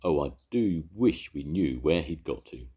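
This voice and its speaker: A man's voice: a bass voice, expressive, unhurried, warm tone, breathy edge, exaggerated voice. An older man voicing an earnest, plain-spoken railway engine driver in a storybook reading.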